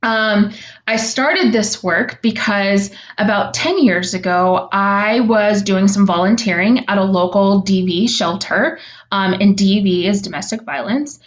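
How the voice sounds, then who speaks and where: A woman's voice: mid-range voice, a little slow. Young woman guest, earnest reflective storytelling, lots of ums, kinda dull lo-fi audio. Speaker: podcast guest. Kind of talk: heartfelt interview storytelling.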